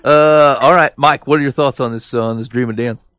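A man hosting a podcast, briskly moving the conversation along. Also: medium pitch, steady tone, a bit bright, a little hiss or hum. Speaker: podcast host. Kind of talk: casual chat.

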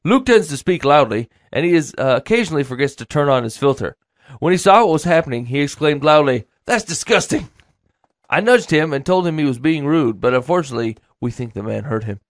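A man's voice: fairly high pitch, lively intonation, fast talker, few pauses, no room sound, clean studio sound. A man co-hosting a casual podcast, reading listener advice letters aloud and chatting.

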